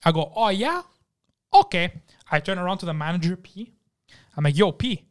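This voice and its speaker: A man with a fairly high voice spins a story in loose podcast chat. He is animated and swears freely, and he slips into the voices of the people he describes. He is recorded on a studio microphone. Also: fast talker. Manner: animated, profane, acts out the people in his story. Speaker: podcast guest. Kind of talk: casual storytelling.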